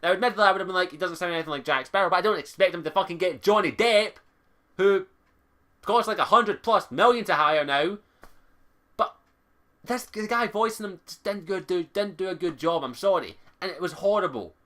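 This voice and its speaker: A man's voice: sits high, moderate pace, bright, forceful tone. A young Scottish man giving an exasperated, sweary game review, repeating his complaints. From Scotland.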